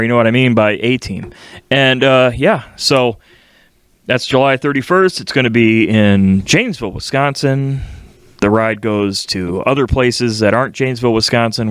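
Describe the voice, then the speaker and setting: Man, blunt crude joking podcast talk, mid-pitched voice, dry close sound. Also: fairly bright tone, smooth, no echo. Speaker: podcast co-host, welder. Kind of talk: casual chat.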